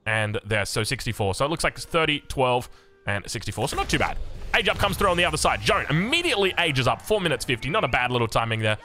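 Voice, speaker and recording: An Australian man giving energetic, jokey play-by-play commentary on a strategy game match as its caster. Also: medium pitch, fast talker.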